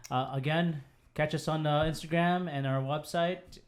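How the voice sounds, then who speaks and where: A man co-hosting a casual podcast, joking around, laughing often and filling pauses with "uh" and "um". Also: on the high side, fairly even intonation. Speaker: podcast co-host.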